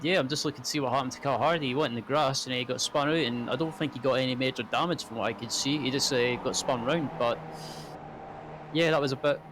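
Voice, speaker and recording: A man in the co-commentator seat talks through the race in a relaxed, stop-start way, his voice at an ordinary middle pitch. A constant noisy hiss sits under the recording. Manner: casual, halting, many fillers. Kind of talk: sim racing color commentary.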